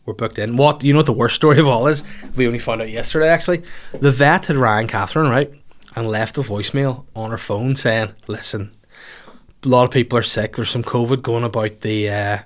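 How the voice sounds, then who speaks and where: A man's voice: mid-range voice, fairly quick. Rambling, swearing man telling a story. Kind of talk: casual storytelling chat.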